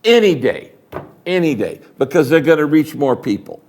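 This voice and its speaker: A man's voice: fairly high pitch, moderate pace. Emphatic older man preaching in conversation. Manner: emphatic, animated storytelling with acted dialogue. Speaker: retiring megachurch pastor, interview guest.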